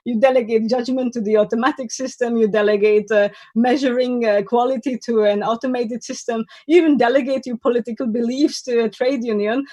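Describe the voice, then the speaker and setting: A woman's voice: a little high, mellow, no room sound. A woman giving an academic conference lecture, critical and wry, with many fillers and restarts. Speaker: conference speaker. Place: online conference talk.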